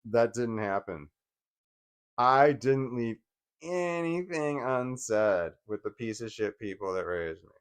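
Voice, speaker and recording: A man's voice: mid-range voice, animated, slow pace, smooth. A man talking in a casual personal monologue, swearing often, venting with restarts and bursts of laughter. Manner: profane, rambling, with frequent restarts and laughs; agitated, venting. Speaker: vlogger.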